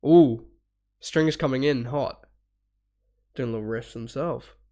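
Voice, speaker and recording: A man's voice: mid-range voice, a little slow, warm tone. A man streaming a live reaction while he is getting over a cold, so his voice comes out stuffy and sniffly. He talks in a loose, rambling way, with laughs, a casual swear or two, and short bits of humming. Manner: hums parts aloud.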